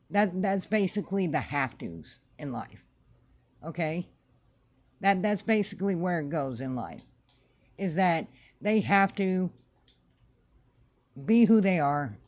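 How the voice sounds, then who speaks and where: A woman vlogger holds forth to camera in a blunt, emphatic rant, circling back over the same points. She talks slowly and deliberately. Her voice has a mellow, warm color. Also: lowish voice. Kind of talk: casual opinion rant to camera.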